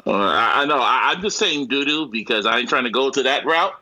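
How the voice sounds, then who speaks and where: A man's voice: mid-range voice, lively intonation, a little fast, heavy background noise. A man co-hosting a casual comedy podcast, joking in slangy talk and laughing often. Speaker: podcast co-host.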